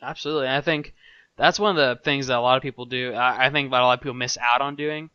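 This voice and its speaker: A man's voice: mid-range voice, fairly even intonation, quick pace, bright, forceful tone, clean tone, dry recording, lo-fi sound. A man hosting a wrestling podcast interview in an upbeat, enthusiastic way. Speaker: podcast host.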